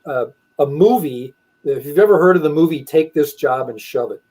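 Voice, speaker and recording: A man's voice: on the high side, lively intonation, normal speed, darkish tone, rough recording. Modest man telling a wry story. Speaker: guest, game designer. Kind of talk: casual interview chat.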